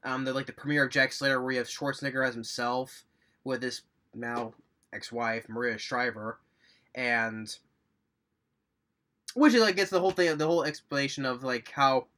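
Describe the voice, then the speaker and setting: Guy doing a chatty movie review, bright tense voice, rambles and chuckles a lot. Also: mid-range voice, steady tone, normal speed. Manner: rambling, enthusiastic recap with chuckles.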